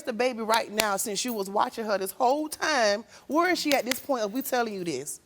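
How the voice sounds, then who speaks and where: Animated woman retelling a story with outbursts. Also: brisk, few pauses, slight background noise. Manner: animated, acts out quotes with sudden loud high outbursts. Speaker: talk show guest. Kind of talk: emotional storytelling.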